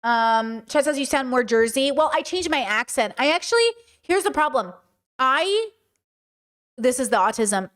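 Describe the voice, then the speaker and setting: A woman's voice: high voice, lively intonation, moderate pace, a bit bright. A woman with a Valley girl accent hosting a livestream monologue, reading chat aloud and often tagging her sentences with "okay?" and "you know?". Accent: California Valley girl. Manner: talkative, frequent "okay?" and "you know?" tags; mimics other people's voices and mannerisms. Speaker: streamer and podcast host.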